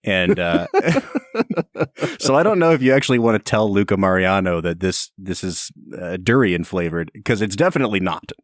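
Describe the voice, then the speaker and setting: Lower-voiced man, jokey podcast co-host. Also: moderate pace, no room sound, studio quality. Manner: jokey, animated storytelling. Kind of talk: casual chat.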